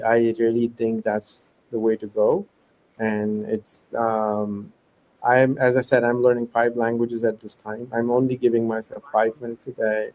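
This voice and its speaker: A man of middle pitch hosts a casual conversation. He talks emphatically, often repeating phrases to drive a point home. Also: darkish tone, rough recording. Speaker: host.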